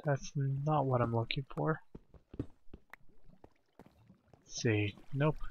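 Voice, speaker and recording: A man talking quietly to himself as he plays a video game, in a self-deprecating manner. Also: medium pitch, slow pace, slight background noise. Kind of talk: let's play commentary. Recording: dull lo-fi recording.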